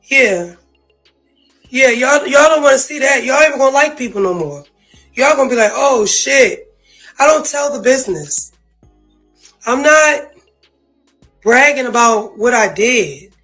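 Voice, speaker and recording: A woman's voice: sits high, expressive, unhurried, long pauses, a bit bright, faint music behind, low-quality recording. Emotional profane woman ranting. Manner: emotional, profane, repeats "you feel me". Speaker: sister speaking out. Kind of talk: emotional casual rant.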